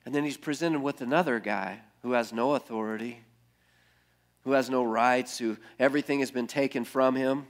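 A man's voice: medium pitch, normal speed. Male pastor, mid-range voice, earnest sermon delivery that builds through repetition and sinks to near-whispers. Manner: earnest, builds with repeated phrases, often drops to a hush.

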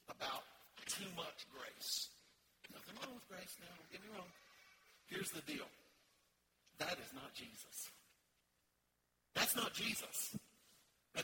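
A man's voice: sits high, reverberant, big-room sound, very noisy. A male pastor preaching a sermon in a church, asking the congregation questions and answering them with emphasis. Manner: emphatic call-and-response preaching. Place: church sanctuary.

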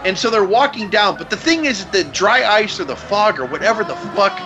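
Bright-voiced man telling a profane story. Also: sits high, lively intonation, fairly quick, muffled recording. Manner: laughing, incredulous, swears a lot. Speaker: podcast host.

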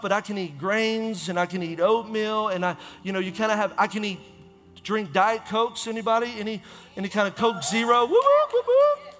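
A man preaching as a pastor, in an impassioned, repetitive style with quick self-corrections. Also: sits high, a bit bright, long reverb tail. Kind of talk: sermon.

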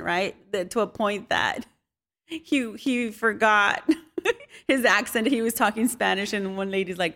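A woman from a Mexican family talks through her story as an interview guest. She laughs easily and tells animated anecdotes, dropping in Spanish phrases along the way. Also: a little high, measured pace. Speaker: guest, home cook with viral videos. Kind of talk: casual interview chat.

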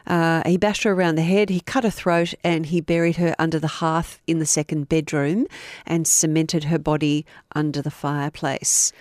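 Aussie woman podcaster telling a crime story, chatty, a bit giggly, lowish voice, dry sound. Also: fairly even intonation, moderate pace, few pauses, darkish tone, no room sound. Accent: Australian. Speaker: podcast co-host. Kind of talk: casual true-crime storytelling.

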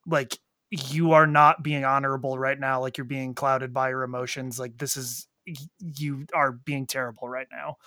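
Stern yakuza mentor scolding a protégé, blunt, lecturing, slightly lower and quieter delivery, dry close sound, a man doing it in a casual game recap. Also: flat delivery, normal speed, no echo.

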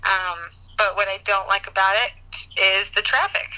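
Bright, bubbly woman guest. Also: medium pitch, steady tone, moderate pace, low-quality recording. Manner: bubbly, laughs often. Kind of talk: casual chat.

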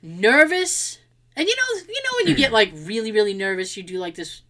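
A woman telling a story in casual chat, animated and laughing, acting out quotes and swearing freely. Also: a little high, a little fast. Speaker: podcast co-host.

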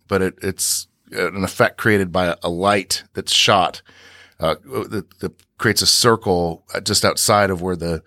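A man's voice: deep voice, fairly bright tone, dry recording, clean studio sound. A man co-hosting a podcast, recapping scenes in a rambling way with many restarts. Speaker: podcast co-host. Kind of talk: casual podcast discussion.

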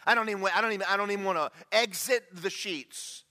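A man's voice: high-pitched, quick pace, pushed and bright. A middle-aged man preaching a sermon. He tells folksy stories and rises into fervent prayer. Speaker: pastor.

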